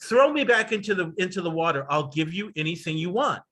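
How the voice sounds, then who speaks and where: A magic talking fish that grants wishes, as a man tells it. It speaks plainly and matter-of-factly in a high, bright voice, with no big show. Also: big pitch swings, a little fast, full character voice.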